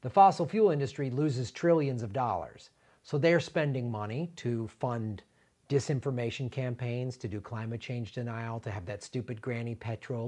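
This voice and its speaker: Hosting a political commentary show, a middle-aged man talks with indignant energy and emphatic repetition, his mid-range voice at normal speed.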